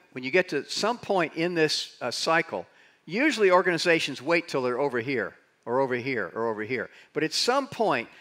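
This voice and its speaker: On stage in a big conference hall, an older speaker gives a keynote about leading change. He tells stories with energy and performs quotations, letting his voice swing widely in pitch.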